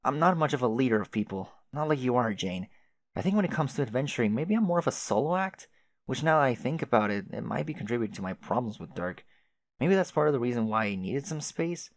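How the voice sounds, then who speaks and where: A man's voice: mid-range voice, expressive, fast talker, dry recording, natural voice. A man voicing a chatty, oblivious young male adventurer who rambles with old-fashioned folksy exclamations. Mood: apologetic.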